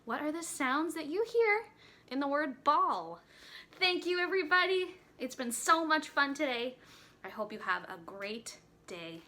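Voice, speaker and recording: A woman teacher leading a playful children's phonics lesson, singing songs and slowly sounding out words. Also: sits high, very animated, pushed and bright.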